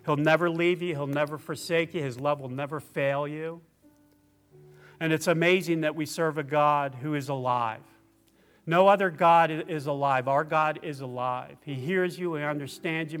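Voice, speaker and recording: A man preaching a personal testimony sermon, tearful and halting, restarting his phrases often. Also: a little high, fairly bright tone, soft background music.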